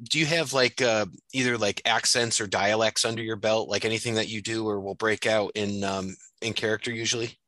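A man's voice: on the low side, fairly even intonation, a little fast, few pauses, bright, forceful tone, dry recording. A man hosting a podcast interview, chatty and eager, with loose, rambling phrasing. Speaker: podcast host. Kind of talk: casual interview chat.

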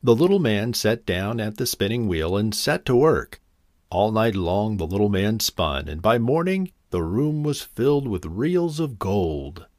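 A man narrating a fairy tale in an expressive, animated reading. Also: lowish voice, unhurried, no echo, studio quality. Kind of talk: storybook narration.

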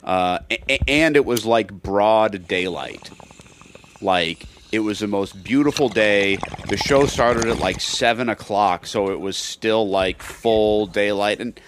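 A man's voice: on the low side, takes it slowly, a bit bright, slight background noise. A man co-hosting a casual comedy podcast, telling a rambling story and acting out what people said. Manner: rambling storyteller, restarts and acts out quotes. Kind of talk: casual chat.

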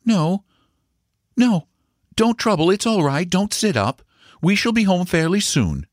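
A man reading a story aloud and voicing an anxious upper-class mother in a strained falsetto. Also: sing-song, normal speed, no room sound, studio quality.

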